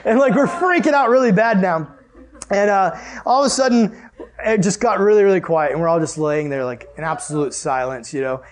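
A young man with a high voice tells a campfire-style story to a youth group, bubbly and full of "like". He laughs often and keeps things loose before turning to Bible study. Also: fairly quick.

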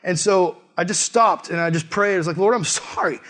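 A young man, a missionary, preaching a sermon through a personal story in a casual way, full of "like", and jumping high and loud when he acts out his own reactions. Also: a little fast. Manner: animated storytelling, often rising high and loud in quoted outbursts; casual, peppered with "like".

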